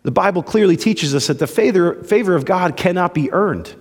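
A male preacher with a high, very lively voice delivers a sermon, rising to loud emphasis and then dropping to hushed lows. He acts out the people he quotes, and his voice carries a long hall reverb. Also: fairly quick, slightly rough. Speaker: pastor.

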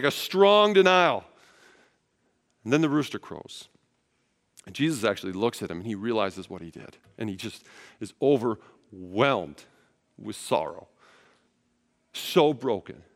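A man gives a sermon in a loose, conversational way and acts out each quote as he tells the story. His voice sits a little high for a man. A long hall reverb trails after his words. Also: fairly bright tone. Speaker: pastor.

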